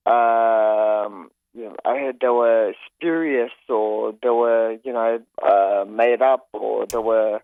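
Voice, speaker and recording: Male caller, dry phone-line sound, halting, full of "um"s. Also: on the low side, fairly even intonation, no room sound. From Australia. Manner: hesitant, many "um"s and repeated words. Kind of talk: phone call to a radio show.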